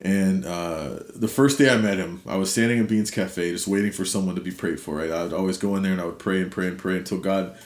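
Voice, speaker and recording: A middle-aged man earnestly retelling a personal story as an interview guest, animated one moment and low and quiet the next. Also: quick pace, hardly any pauses. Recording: roomy echo.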